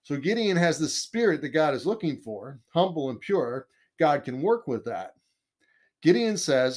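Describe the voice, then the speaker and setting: A man's voice: a little high, animated, a little slow. A man teaching the Bible in a conversational sermon, earnest and emphatic, often repeating key phrases.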